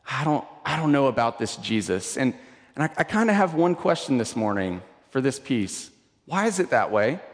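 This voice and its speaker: A male pastor in his thirties gives a casual, conversational sermon. His voice sits at an ordinary pitch and rings out with a long reverb, as in a large hall. He restarts his words often and swings from urgent emphasis to quiet, hushed asides.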